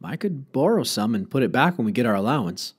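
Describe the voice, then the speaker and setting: A man's voice: mid-range voice, big pitch swings, fast talker, slightly rough. A man voicing a confident, pushy schoolboy who talks his friends into a scheme, in a storybook reading. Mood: scheming. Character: eager schoolboy pal, a bold schemer.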